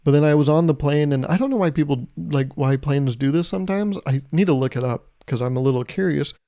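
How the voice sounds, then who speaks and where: A man's voice: fairly high pitch, a little fast, warm tone, no echo, studio quality. A young man hosting his podcast, telling a travel story in a casual, comedic way with exasperated, swearing rants. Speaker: podcast host.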